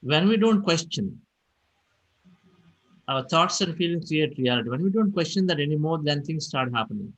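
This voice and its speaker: A man hosting a meditation group on a video call, calm and reassuring as he answers a participant's question. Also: a little high, moderate pace, rough recording. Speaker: meditation teacher and host.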